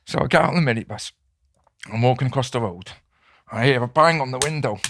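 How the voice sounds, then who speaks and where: A man hosting a podcast, telling a story in casual chat, swearing constantly and loudly acting out the voices of the people in it. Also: mid-range voice, fast, no room sound, clean studio sound. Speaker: podcast host.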